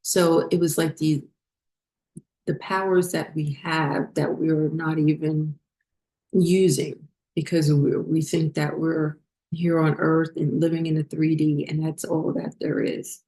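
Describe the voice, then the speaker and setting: A woman hosting a spiritual vlog, talking unhurriedly with many fillers as she glances at her notes, her voice getting hoarse. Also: deep voice, little pitch movement, measured pace, mellow. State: losing her voice. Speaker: spiritual channel host.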